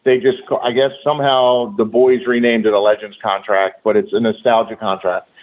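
A man's voice: fairly low pitch, flat delivery, brisk. A man, a former wrestler, recounting road stories as a guest in a loose, profane, filler-heavy way. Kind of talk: casual storytelling. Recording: tinny phone-line audio.

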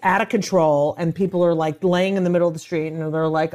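A woman comedian in casual chat, ranting with heavy swearing and animated outbursts. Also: on the low side, normal speed.

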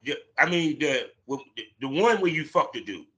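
A man's voice: fairly high pitch, animated, moderate pace, a bit bright. A man hosting a casual podcast interview, brash and slangy, hyping up his guest. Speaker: podcast host.

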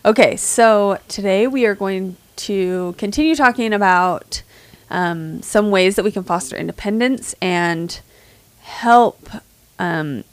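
A woman in her thirties from the United States co-hosting a podcast, chatting casually with a soft voice that doesn't carry and laughing often. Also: lowish voice, creaky, dry recording. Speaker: podcast co-host. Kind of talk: casual chat.

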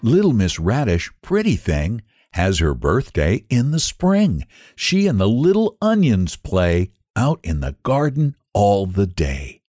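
A man's voice: lowish voice, huge pitch swings, slow, few pauses, warm tone, no room sound, clean studio sound. Sing-song man reading children's rhymes. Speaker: storyteller.

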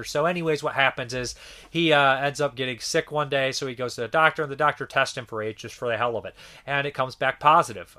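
A man in his thirties talks through a film review with a bright, forceful voice. He rambles loosely and swears often, leaning on lots of filler words. It sounds like an offhand, unscripted monologue. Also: medium pitch. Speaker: movie reviewer.

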